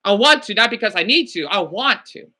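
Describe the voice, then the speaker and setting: Male livestreamer, high voice, piercing bright tone, rambling, swearing, apologetic, chatting to viewers. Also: sing-song, fairly quick. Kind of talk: casual livestream chat, reading viewer comments.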